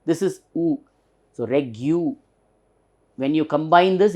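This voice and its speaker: A man with an Indian English accent and a fairly high, slightly mellow voice speaks slowly in a recorded pronunciation lesson. He patiently spells words out letter by letter and repeats them for emphasis.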